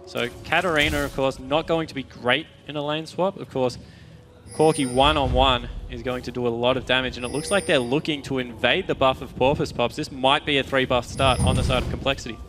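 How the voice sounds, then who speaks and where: A man's voice: mid-range voice, steady tone, fairly quick, a bit bright, slight background noise. Australian man giving analytical esports commentary. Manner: analytical, explains game mechanics at length. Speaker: esports caster.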